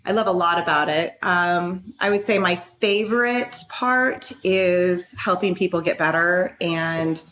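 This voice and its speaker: Female fitness coach, podcast guest, warm and thoughtful, lowish pitch, casual chat. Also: unhurried, hardly any pauses. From Washington state. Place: office.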